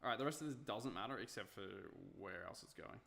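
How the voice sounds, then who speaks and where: A young man talks half to himself and half to his viewers, trailing off into wry, self-deprecating remarks. His voice is gravelly with plenty of fry, and it rises and falls freely. A faint background hiss sits under the recording. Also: on the low side, expressive, quick pace, bright, forceful tone. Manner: muttering to himself, self-mocking asides. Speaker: streamer. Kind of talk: casual live-stream talk while working.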